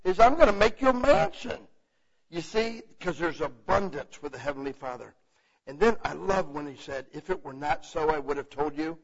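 A preacher with a fairly high, gravelly voice teaches the Bible at a slightly fast clip, loose and conversational. He's animated and keeps seeking agreement with a repeated "okay?", all captured on a muffled, lo-fi recording.

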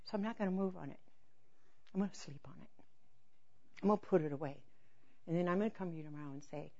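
A woman preaching a sermon through personal stories, acting out dialogue with laughter, then dropping to a soft, intense hush on key points. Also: sits low, brisk, pauses often, dull audio.

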